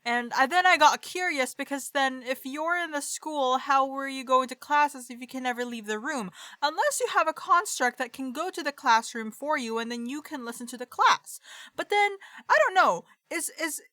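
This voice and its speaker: Curious stammering high-voiced woman. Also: animated, normal speed, sharp tone, no echo. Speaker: player. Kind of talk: playing a tabletop game in character.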